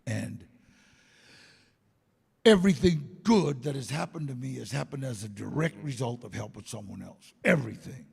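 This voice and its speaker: An older man telling stories in an interview, animated and acting out the voices of people he quotes. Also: mid-range voice, moderate pace, vocal fry, slightly rough, long reverb tail. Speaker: interview guest. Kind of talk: casual storytelling.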